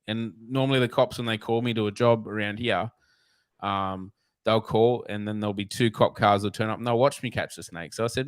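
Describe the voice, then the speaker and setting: A man's voice: lowish voice, fairly even intonation, fairly quick, clean tone, no echo. An Australian man, a snake catcher guest, telling blunt, profane, rambling stories in a casual interview.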